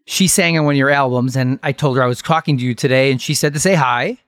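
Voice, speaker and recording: A man's voice: mid-range voice, fast, a bit bright, no room sound, studio quality. A man hosting a talk show, laughing along and trading his own stories. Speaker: podcast host. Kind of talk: casual interview chat.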